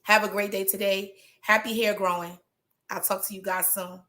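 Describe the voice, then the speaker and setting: A woman, a hair coach, telling her story in animated casual chat and speaking straight to her viewers. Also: medium pitch, moderate pace. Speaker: trichologist and hair business coach. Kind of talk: motivational casual talk to viewers.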